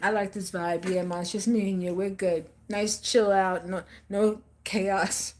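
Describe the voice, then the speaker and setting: A woman voicing her laid-back pet dog, talking in a relaxed, contented drawl. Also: medium pitch, a little slow, a little hiss or hum, natural voice.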